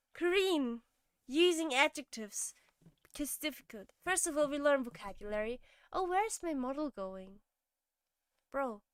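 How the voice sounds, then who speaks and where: A woman's voice: sits high, a bit bright, no room sound. A tired young woman, chatting casually on a stream while learning Korean words, laughing often and sliding into mumbles. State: tired, sleepy. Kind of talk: casual live-stream chat.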